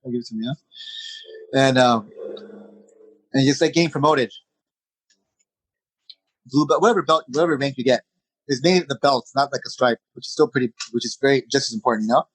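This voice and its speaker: A man of middle pitch speaks as a podcast guest, easy and energetic, throwing in "you know" and "man" as he goes. The sound is close and dry, with almost no room around the voice. He talks like a coach passing on lessons to his students. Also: a little fast, pauses often, slightly rough, no room sound, rough recording. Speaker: jiu-jitsu instructor, podcast guest. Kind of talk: casual interview chat.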